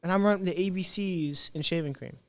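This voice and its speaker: A man's voice: sits high, fairly quick, dry recording. A man in his twenties, a podcast guest, telling his story in casual talk and acting out the quotes. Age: 20s. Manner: animated storyteller, acts out quotes.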